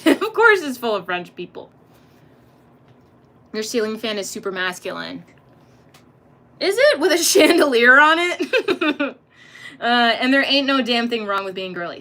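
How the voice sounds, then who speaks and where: A young woman talks to her livestream chat with a bright, ringing voice. She laughs often, swears freely and keeps a loose, playful banter going. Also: mid-range voice. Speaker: livestream host reading chat.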